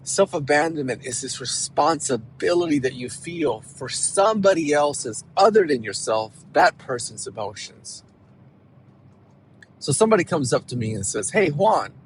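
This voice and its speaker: A man, a counselor, giving an emphatic, animated motivational talk and often checking in with "right?". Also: medium pitch, slight background noise, rough recording.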